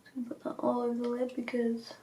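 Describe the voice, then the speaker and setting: A woman's voice: fairly high pitch, monotone, quick pace, mellow, rough recording. A woman vlogger chatting through a makeup tutorial, chatty and self-mocking, often dropping to a whisper. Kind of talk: casual makeup tutorial chat.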